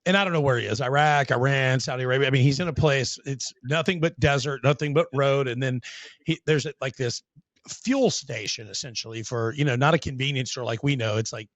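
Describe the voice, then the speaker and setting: A man's voice: medium pitch, no echo, highs cut off. Chatty man hosting a dry-sounding podcast. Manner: laughs often, chatty storyteller. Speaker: podcast host. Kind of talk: casual podcast chat.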